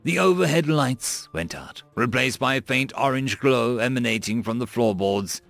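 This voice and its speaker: A male narrator telling a science-fiction audiobook with a gravelly voice that rises and falls widely. The close, dry recording carries faint music underneath. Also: medium pitch, expressive, moderate pace, a bit bright, no echo.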